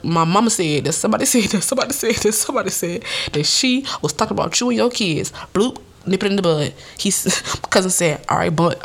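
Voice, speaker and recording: Woman podcast host, blunt and cussing, voice jumping all over. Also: mid-range voice. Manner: blunt, profane, animated storytelling. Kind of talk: casual storytelling monologue. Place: studio.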